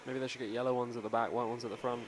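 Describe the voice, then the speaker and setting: A man's voice: medium pitch, little pitch movement, rapid-fire, crowd noise. A man co-commentating a race, laid-back and making dry asides. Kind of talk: live commentary banter. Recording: noticeable background noise.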